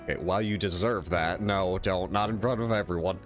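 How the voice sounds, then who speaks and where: Deep-voiced, sweary game commentator. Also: male voice, brisk, faint music behind. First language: English. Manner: sweary, self-deprecating, joking. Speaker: let's-play commentator. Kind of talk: casual game commentary reading a script.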